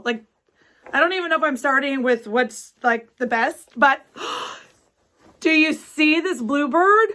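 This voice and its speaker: A high-pitched woman talks at an unhurried pace, gasping and gushing over each find. She often breaks off mid-sentence and starts again. It sounds like a casual, excited unboxing chat with viewers. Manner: gushing, gasping, breathless delight; halting restarts, trailing off. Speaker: crafting vlogger.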